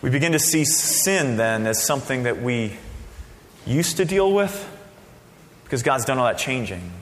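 A man preaching a sermon as a pastor, casual and conversational, with sudden loud bursts. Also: mid-range voice, expressive, moderate pace, a little hiss or hum. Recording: long reverb of a hall.

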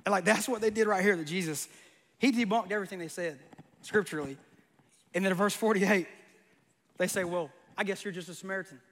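A man's voice: sits high, brisk, pauses often, fairly bright tone, long reverb tail. A man preaching a sermon, conversational and joking, with bursts of emphasis. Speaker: pastor.

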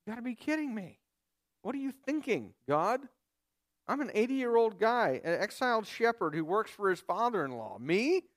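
A man's voice: high-pitched, very animated, moderate pace, pitched above the performer's own voice. A male preacher voicing Moses as an incredulous old shepherd who protests and doubts, in a sermon retelling. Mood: exasperated. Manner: disbelieving, protesting, rising exclamations.

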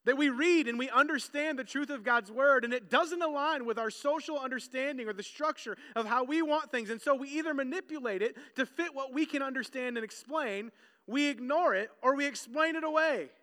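Male pastor, very high and bright voice, animated sermon delivery, reverberant hall sound. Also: brisk. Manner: animated preaching, acts out voices of the crowd.

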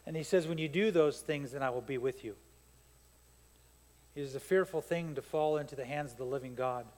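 A man preaching a sermon as pastor, telling stories in an animated way that builds to fired-up peaks. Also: fairly high pitch. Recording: long hall reverb.

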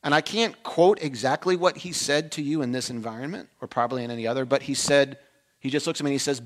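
A man preaching a sermon, telling a personal story with self-deprecating humor and sudden drops from loud emphasis to hushed asides. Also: medium pitch, quick pace. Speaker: pastor.

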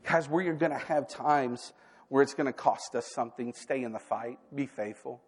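A man preaching a sermon, telling personal stories and acting out the dialogue with lively energy. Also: mid-range voice, normal speed, breathy edge, soft background music. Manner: animated storytelling, acting out quoted dialogue.

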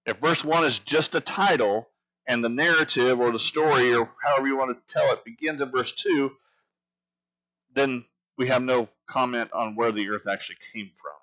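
A man's voice: mid-range voice, moderate pace, sharp tone, poor audio. A man teaching a sermon, earnest, building his points by repeating phrases. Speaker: pastor.

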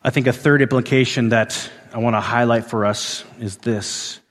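A man preaching a sermon who repeats phrases for emphasis, rising to loud emphatic peaks and dropping to hushed endings. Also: mid-range voice, fairly even intonation, normal speed, big-room sound. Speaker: pastor.

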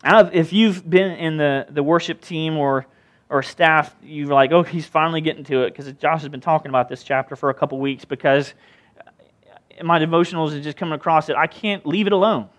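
A male pastor preaching a sermon in an animated, conversational way, with jokey asides. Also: fairly high pitch, a little fast.

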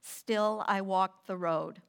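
An older woman reading her personal faith testimony in a measured, deliberate storytelling manner with gentle emphasis. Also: medium pitch, steady tone, clear, resonant tone.

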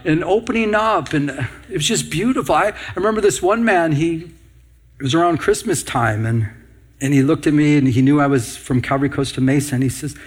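A man's voice: a little high, a little fast, slightly rough. A man preaching a sermon as a pastor, earnest and repetitive, asking the congregation rhetorical questions.

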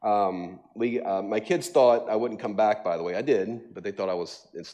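This pastor, a middle-aged man, speaks at a moderate pace in a fairly low voice while recounting comical stories to his congregation in the church sanctuary. His sermon is lively and self-mocking, punctuated by laughter and fillers such as "um" and "like."

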